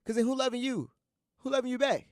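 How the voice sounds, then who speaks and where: A man's voice: extremely high pitch, fast talker, a little mellow, no echo, studio quality. A young man hosting a college radio show, talking in an earnest, slangy, repetitive motivational way. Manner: earnest, slangy, repeats himself often. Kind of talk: casual motivational talk. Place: radio studio.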